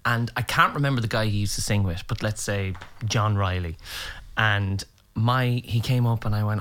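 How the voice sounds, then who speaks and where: A middle-aged Irish man chatting casually as a podcast guest, telling lively anecdotes and acting out the voices of people in them. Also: on the low side, normal speed. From Ireland. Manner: animated, acts out voices in anecdotes. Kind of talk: casual storytelling chat.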